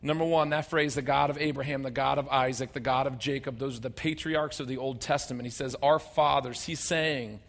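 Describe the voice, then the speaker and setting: A man preaching a sermon as pastor, conversational and humorous, swinging between loud emphatic bursts and quiet low asides. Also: fairly even intonation, a little fast, gravelly, hardly any pauses. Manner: conversational and humorous, acting out people's voices.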